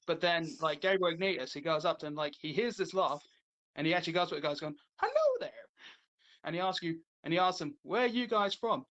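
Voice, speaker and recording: A man's voice: fairly high pitch, fairly even intonation, fast, a bit bright, highs cut off. A man, hosting a podcast in casual chat, rambling through a retold comedy routine with lots of fillers and restarts. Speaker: podcast host.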